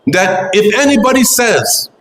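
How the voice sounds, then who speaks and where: A man's voice: high-pitched, sing-song, measured pace, a bit bright, echoey room, rough recording. A man giving an earnest devotional memorial talk, fervent and repetitive, often restarting his phrases. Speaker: devotional speaker.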